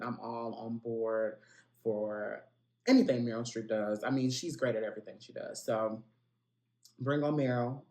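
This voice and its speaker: A man hosting a gossip podcast, with a voice of middle pitch. He talks in a chatty, playful way, jumping into asides and speaking straight to his audience. The recording carries a noticeable room echo. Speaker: podcast host. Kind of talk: casual celebrity gossip podcast.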